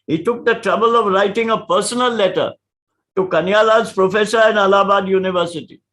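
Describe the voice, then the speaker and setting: Older man, formal law lecture, deliberate pacing, leans on key words, fairly high pitch. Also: a bit bright. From India. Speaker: senior advocate giving a lecture.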